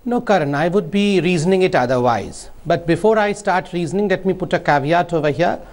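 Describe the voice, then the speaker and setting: A man's voice: high voice, a little fast, a little mellow. A man, a party spokesperson arguing emphatically in a TV debate, rebutting point by point. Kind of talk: debate argument.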